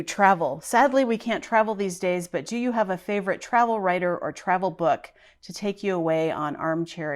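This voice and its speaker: A woman chatting casually to camera as a book vlogger, thinking aloud as she answers each prompt. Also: on the low side. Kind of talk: casual chat.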